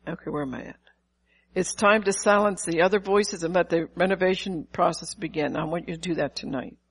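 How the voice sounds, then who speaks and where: Older woman pastor, animated sermon delivery with asides to the congregation. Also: lowish voice, fairly quick, husky, low-quality recording. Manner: lively preaching with rhetorical questions and acted-out quotes.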